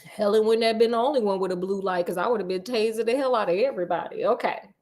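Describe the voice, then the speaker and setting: A woman's voice: medium pitch, fast talker, a little mellow. A woman reading a spooky children's novel aloud and breaking off for sassy, laughing asides. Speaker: storyteller reading a book aloud. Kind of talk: book reading with comedic asides.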